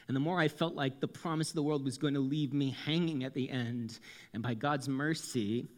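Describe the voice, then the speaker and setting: A young man from Connecticut on the US East Coast preaches a sermon, animated and self-mocking, often restarting his sentences. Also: a little high.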